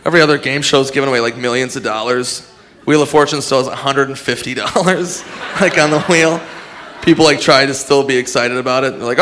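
A man doing a stand-up set, animated and given to shouting. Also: medium pitch, brisk, a little hiss or hum. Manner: animated, yelling impressions. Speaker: stand-up comedian.

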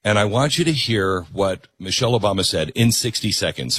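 A man hosting a political commentary show, talking in a sarcastic, animated way. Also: mid-range voice, moderate pace, few pauses, slightly rough, soft background music. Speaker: host.

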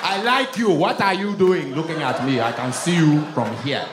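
A man's voice: normal speed, close to an everyday voice. A man putting on a bossy ladies' man. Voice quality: loud, high and bossy. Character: pushy Nigerian man hollering at women. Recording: echoey club with crowd noise.

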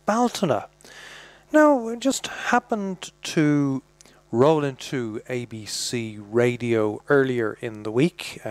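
A man's voice: mid-range voice, dry recording. A man hosting a radio show, rambling casually with many filler sounds. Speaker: radio host.

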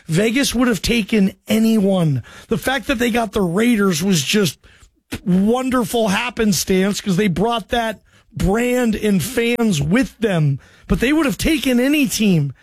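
A man hosting a call-in sports radio show, talking in a loose, energetic, chummy way with callers. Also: high voice, unhurried, no room sound, studio quality.

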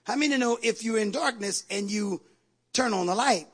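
A man's voice: high-pitched, moderate pace, slightly rough. A man preaching a sermon with fervor, repeating questions to his congregation and calling on them to respond. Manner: calls on the crowd for response.

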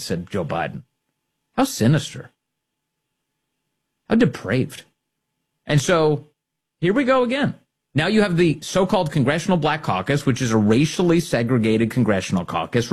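A man's voice: mid-range voice, slightly rough. A man giving emphatic, sarcastic political commentary, mocking the people he quotes.

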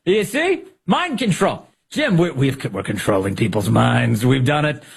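A man with a husky, slightly breathy voice hosts his own show, riffing on the news with sarcasm and quick laughs. His pitch sits in an ordinary middle range but leaps up when he mocks something. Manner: sarcastic, laughs often, animated pitch jumps. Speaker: podcast host. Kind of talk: casual political commentary.

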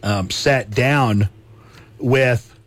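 A man's voice: mid-range voice, drawn-out words. Male talk radio host, casual and chatty, easy laugh. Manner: chatty, laughs easily, repeats himself.

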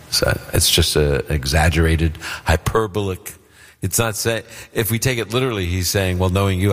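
Man, very low voice, long reverb, plainspoken Bible teacher for radio call-in Q&A. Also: husky. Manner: plainspoken, explanatory, checks for understanding.

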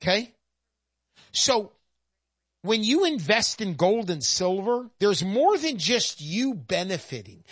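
Woman presenter, folksy and emphatic, sarcastic asides; lively, swooping delivery. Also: medium pitch, unhurried, husky, no room sound, studio quality. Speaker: presenter pitching gold investment. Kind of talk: persuasive sales monologue.

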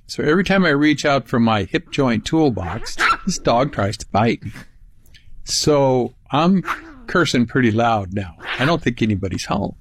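A man's voice: mid-range voice, gravelly, noisy background. An older man from California telling a casual personal anecdote in a folksy, rambling way with frequent restarts. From Palm Springs, California. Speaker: storyteller.

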